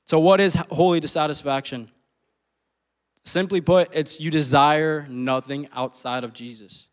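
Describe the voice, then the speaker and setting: A man's voice: on the high side, steady tone, a little slow, smooth. A man in his twenties telling a personal story during a sermon, casual and full of slang, laughing often. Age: 20s. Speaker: preacher.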